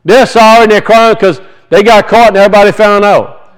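A man's voice: sits high, brisk, clear, resonant tone, poor audio. A man preaching a sermon, teaching from scripture and emphatically asking and answering his own questions.

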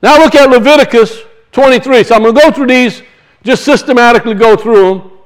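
A man's voice: extremely high pitch, a little fast, low-quality recording. A man preaching a sermon, telling folksy stories and reading scripture with rising emphasis. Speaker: pastor.

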